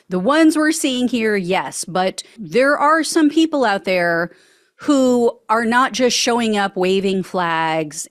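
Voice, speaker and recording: A woman's voice: mid-range voice, dry recording, studio quality. Sarcastic woman hosting a news commentary show. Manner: mocking, laughs often between lines. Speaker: host of political news show.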